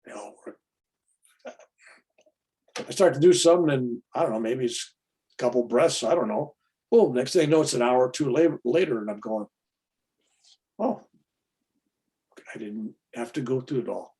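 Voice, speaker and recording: A spiritual teacher gives an informal, plainspoken talk, often acting out other people's voices. His voice is medium in pitch and dark in tone, with lively intonation, a measured pace, and long pauses.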